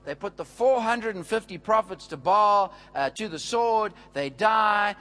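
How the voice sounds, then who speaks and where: A high, bright male voice delivering a sermon. He tells the story with lively swings in pitch and gives the characters their own voices as he goes. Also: rough recording. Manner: animated, acts out the characters' lines. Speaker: preacher.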